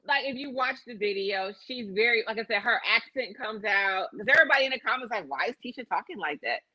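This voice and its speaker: A woman's voice: a little high, expressive, fast, bright, forceful tone, no room sound, lo-fi sound. A woman co-hosting a casual podcast, telling a gossip story with lots of profanity, quoted voices and laughter. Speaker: podcast co-host.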